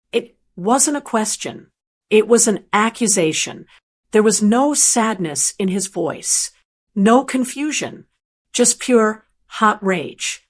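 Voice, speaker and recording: An older woman narrating a first-person story in a calm, measured, plainspoken way. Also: a little high.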